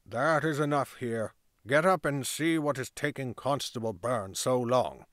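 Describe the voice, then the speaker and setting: A man's voice: medium pitch, a little slow, a bit bright, no echo, studio quality, close to an everyday voice. A man reading as a grave, stern town constable. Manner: grave, formal, clipped orders. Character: stern male town constable, secretly helpful.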